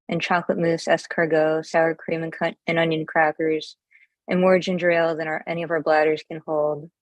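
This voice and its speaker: A woman reads her poems in a deadpan, flat way, with hardly any rise or fall. Her voice sits a bit low, and the sound is dry and close, over a video call. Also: no room sound. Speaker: open mic poet. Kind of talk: poetry reading.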